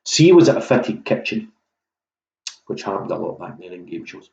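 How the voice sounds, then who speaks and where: A man's voice: low-pitched, sing-song, moderate pace, gravelly, a little mellow. A man hosting an online pub quiz in a casual, jokey way, swearing freely as he reads out questions. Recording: roomy, dull lo-fi room sound.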